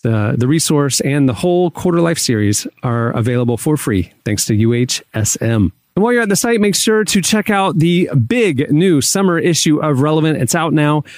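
A man's voice: fairly high pitch, expressive, no room sound, clean studio sound. A man hosting a podcast, cheering the others on in casual chat and reading out sign-off announcements. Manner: enthusiastic, quick to cheer along. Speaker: podcast host.

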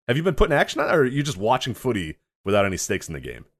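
A man's voice: medium pitch, huge pitch swings, very fast. A man co-hosting a podcast, teasing his partner and laughing often in casual banter. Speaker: podcast co-host.

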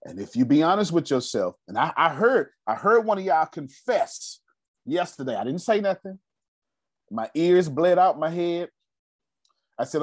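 Man, motivational meeting leader: emphatic, preachy, slangy, animated delivery, dry sound. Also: a little high, moderate pace, no room sound. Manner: emphatic, preachy, repeats phrases, casual slang. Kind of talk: motivational talk to a group.

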